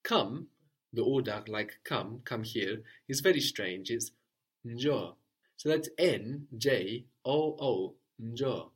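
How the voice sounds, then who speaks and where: A man's voice: medium pitch, expressive, takes it slowly, slightly rough. Patient man teaching a language lesson. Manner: patient, prompts and corrects, often ends with "no?". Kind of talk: guided spoken language lesson.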